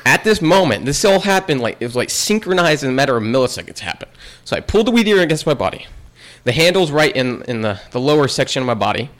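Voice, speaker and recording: A man's voice: mid-range voice, very animated, fast, a bit bright. Rambling young man telling a story. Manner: rambling storyteller, frequent restarts and laughter. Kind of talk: casual chat.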